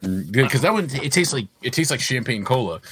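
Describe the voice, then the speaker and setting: A man's voice: medium pitch, sing-song, fairly quick, a bit bright, slight background noise. A man co-hosting a podcast, rambling casually with loose asides and casual swearing. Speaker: podcast co-host. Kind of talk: casual chat.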